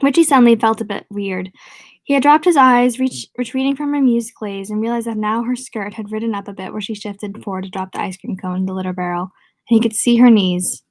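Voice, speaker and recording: A woman reading a novel aloud in a relaxed amateur way, stumbling over words now and then and restarting. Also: mid-range voice, fast, no echo. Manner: informal amateur reading with slips, restarts and asides. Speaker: audiobook reader. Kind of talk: casual read-aloud of a novel.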